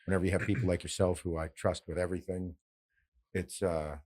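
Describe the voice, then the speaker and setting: A middle-aged man hosting a podcast in casual, animated chat, swearing freely and telling stories. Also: low-pitched, fairly quick, slightly rough. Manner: animated, swearing, storytelling with quoted voices. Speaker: podcast host.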